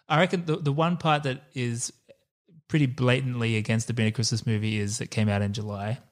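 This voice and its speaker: A chatty man co-hosting a casual movie podcast, thinking aloud and breaking into laughs. His voice sits at an ordinary middle pitch for a man. He keeps things loose and conversational. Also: fairly even intonation, normal speed. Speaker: podcast co-host. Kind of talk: casual movie review chat.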